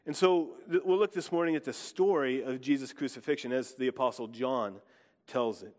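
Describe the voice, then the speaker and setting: A man's voice: mid-range voice, normal speed, in a large hall. A man preaching in a church, guiding his congregation in a conversational way. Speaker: pastor. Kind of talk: sermon.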